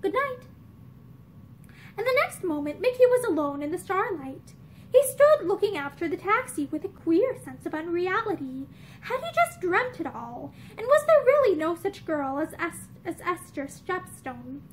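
A young woman reading an old novel aloud in an expressive storybook manner. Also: very high voice, normal speed, slight background noise. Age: young adult. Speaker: reader.

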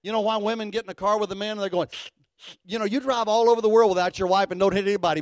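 A middle-aged man, a pastor telling a folksy story in a sermon, animated and building to fervent declarations. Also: high voice, racing, no room sound.

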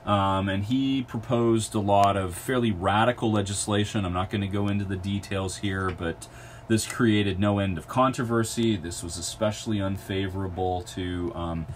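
Low-voiced man giving a rambling lecture. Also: steady tone, normal speed, a little hiss or hum. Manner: unscripted, many ums and uhs, self-correcting. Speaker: history lecturer. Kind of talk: recorded college lecture.

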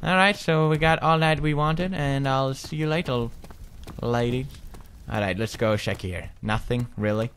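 A young man hosting a horror game let's play, joking around and breaking into high yelps and screams. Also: moderate pace, a bit bright, a little hiss or hum. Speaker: gaming video host.

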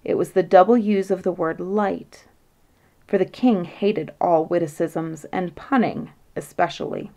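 A woman's voice: fairly low pitch, unhurried, gravelly, warm tone. Woman reading a bedtime story.

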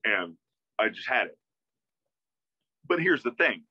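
Bright-voiced man telling a story. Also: on the low side, slow, slightly rough, no echo. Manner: animated, acts out quoted dialogue, many restarts. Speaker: interview guest, musician. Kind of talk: casual storytelling interview. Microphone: video call. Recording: dull, dry video-call audio.

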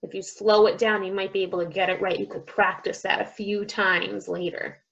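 A woman speech teacher reading a picture book aloud to young children, sounding out words slowly and with exaggeration. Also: mid-range voice, level tone, creaky, fairly bright tone, highs cut off.

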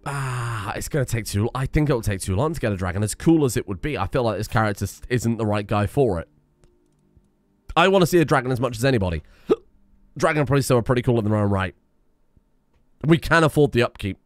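Lively man in gaming commentary. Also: mid-range voice, a little fast, dry recording. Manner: excitable, reads game text aloud with wry asides. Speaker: gaming video host. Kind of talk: let's play commentary.

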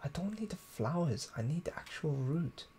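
Mellow-voiced man streaming a game. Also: a little high, animated, moderate pace, a little hiss or hum. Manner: chatty, thinks aloud, reads comments. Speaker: gaming streamer. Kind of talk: live gameplay commentary.

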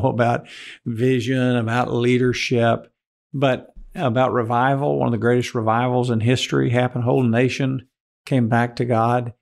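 A man's voice: mid-range voice, gravelly, darkish tone. A man preaching a sermon who earnestly puts direct questions to his listeners.

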